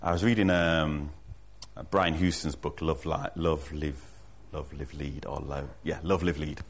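A man's voice: rumbling low, steady tone, a little slow. A man preaching a sermon as pastor, earnest and emphatic, repeating his key lines and often restarting a phrase mid-thought. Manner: frequent restarts and self-corrections. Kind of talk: sermon to a congregation.

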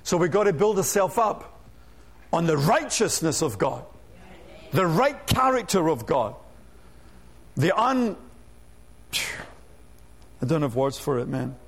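High-pitched male preacher, energetic, asks rhetorical questions, jokes in his asides. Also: takes it slowly, long pauses, slightly rough. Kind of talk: sermon.

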